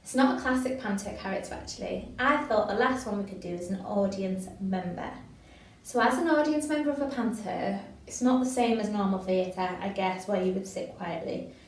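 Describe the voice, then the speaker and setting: A woman's voice: medium pitch, moderate pace. A woman leading a drama workshop, counting down freeze frames and praising the group as she goes. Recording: echoey room from far off.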